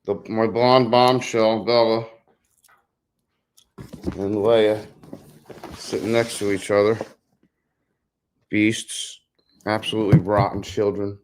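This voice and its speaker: A man's voice: on the low side, level tone, takes it slowly, pauses often, a little hiss or hum. A man hosting a casual live stream, rambling to his viewers and talking to his dogs.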